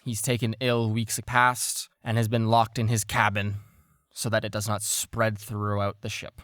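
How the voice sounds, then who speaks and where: A man's voice: on the low side, monotone, a little slow, fairly bright tone, no echo, studio quality. A man voicing a stern female shipmaster who gives clipped, commanding orders.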